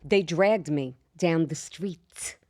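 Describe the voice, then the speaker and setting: A woman, co-hosting a podcast and telling a brash, animated story with a lot of swearing. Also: sits low, slow. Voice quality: slight lisp. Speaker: podcast co-host. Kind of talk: casual storytelling chat.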